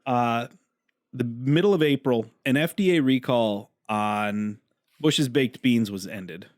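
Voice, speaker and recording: A man's voice: medium pitch, takes it slowly, dry recording, clean studio sound. A man co-hosting a podcast in casual chat, joking and a little profane. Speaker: podcast co-host.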